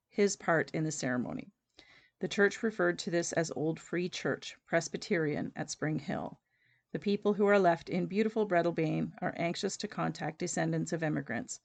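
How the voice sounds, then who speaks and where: A woman hosting a local community show, reading local history and an old newspaper clipping aloud in a measured, steady way. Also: lowish voice, gravelly. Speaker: community podcast host.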